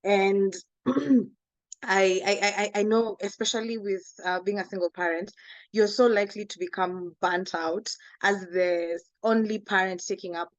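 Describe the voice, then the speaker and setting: A woman panelist speaking in a gentle, reassuring way. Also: mid-range voice, steady tone, a little slow, dry recording, highs cut off. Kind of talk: panel talk.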